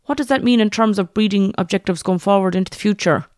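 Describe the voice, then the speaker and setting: Woman hosting a podcast, smooth clear voice, brisk prepared questions, dry close mic. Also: mid-range voice, a little mellow, dry recording. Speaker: podcast host. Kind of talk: podcast interview.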